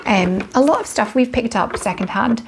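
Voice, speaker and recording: A woman's voice: on the high side, moderate pace, background noise. A woman in her thirties with a British accent, chatting casually to camera about toys, frank, with many ums and self-corrections. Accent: British English. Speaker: parenting vlogger. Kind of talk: casual toy review to camera.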